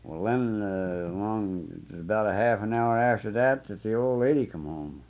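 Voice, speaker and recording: A man's voice: on the low side, moderate pace. Folksy man telling rural yarns. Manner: folksy dialect, swears and laughs, animated retelling. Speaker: storyteller. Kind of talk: casual rural storytelling. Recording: muffled phone-like old tape.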